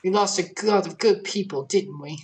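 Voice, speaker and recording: A woman reading video game dialogue aloud as a shaken young woman warrior, in an earnest, halting delivery. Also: fairly low pitch, soft background music, lightly acted. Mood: somber.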